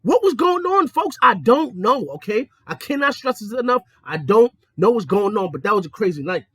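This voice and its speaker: A young adult man telling profane stories in a casual monologue, jumping between high excited tones and low mocking ones. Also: normal speed, slightly rough, no echo, clean studio sound. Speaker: podcast host.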